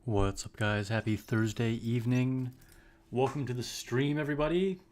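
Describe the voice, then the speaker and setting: A man's voice: medium pitch, fairly even intonation, normal speed, a little mellow, a little hiss or hum. A man casually chatting on his livestream, rambling and joking, laughing at himself. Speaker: streamer. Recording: faint background music.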